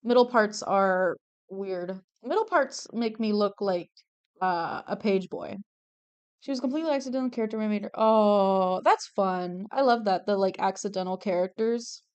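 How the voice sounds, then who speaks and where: A young woman with a smooth, clean voice chats through a drawing stream. She gushes over the characters, swears freely and often trails off mid-thought. Her voice sits at an ordinary middle pitch. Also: normal speed, darkish tone. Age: young adult. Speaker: streamer drawing commissioned art. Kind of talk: casual livestream chat while drawing.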